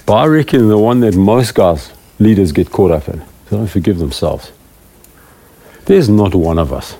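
A man's voice: on the low side, animated, moderate pace, dark tone, slightly rough. A middle-aged man, a preaching elder, giving a rambling, self-deprecating talk to a small group of church leaders. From South Africa.

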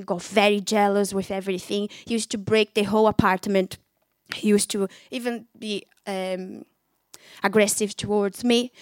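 A woman's voice: mid-range voice, no echo, studio quality. A woman from Brazil with a Brazilian accent, her first language Portuguese, giving an earnest, candid personal faith testimony. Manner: earnest, candid storytelling with lively acted-out quotes.

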